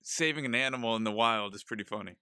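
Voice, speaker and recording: A man's voice: medium pitch, fast talker, pushed and bright, smooth, dry recording, clean studio sound. A man co-hosting a sports podcast, teasing his partner in a joking way. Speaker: podcast co-host. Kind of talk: casual sports podcast chat.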